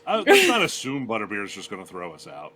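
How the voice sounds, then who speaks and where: Male player, bright forceful tone, halting speech. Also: on the low side, huge pitch swings. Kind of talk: casual tabletop play.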